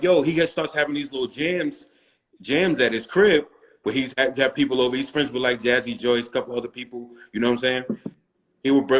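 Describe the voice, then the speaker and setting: A middle-aged man from Long Island, a rapper guest, telling loose stories in casual interview chat and often asking "you know what I'm saying". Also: medium pitch. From Long Island, New York.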